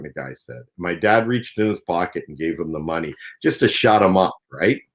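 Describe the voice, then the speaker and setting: A man's voice: deep voice, sing-song, a little fast, few pauses, a bit bright, low-quality recording. Canadian fishing guy rambling through an old story, lots of uhs and restarts, just chatting. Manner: rambling and conversational, with many fillers and restarts. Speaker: professional angler and show host. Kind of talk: casual storytelling.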